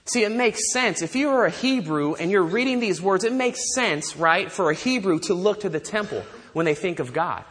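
A man preaching a sermon to a congregation, telling stories in an animated way, often restarting sentences and laughing. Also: high-pitched, moderate pace, few pauses. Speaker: pastor.

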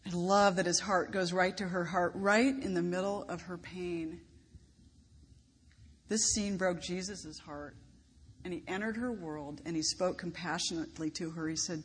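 Woman preaching in an echoing hall. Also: lowish voice. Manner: expressive, emphatic, rising on key words. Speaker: pastor. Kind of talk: sermon. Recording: long reverb of a large hall, faint background noise.

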